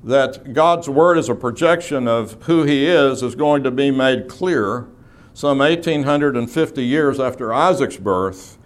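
A male Bible teacher lecturing to a class at a middle pitch. He explains each point patiently and methodically, with the odd filler word. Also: unhurried.

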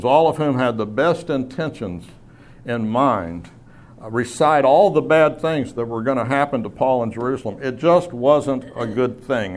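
A man preaching a sermon, teaching in a conversational way with asides and small self-corrections. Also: medium pitch. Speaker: pastor.

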